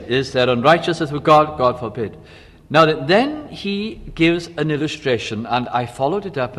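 An older man preaching a sermon earnestly, pausing often with fillers and swinging between emphatic and quiet passages. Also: medium pitch. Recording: long reverb of a hall.

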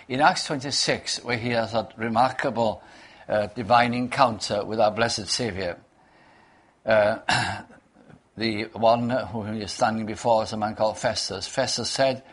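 A man leading a prayer meeting, giving a Bible talk in an unhurried way, repeating key words and quoting old scripture. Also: lowish voice, a bit bright, husky.

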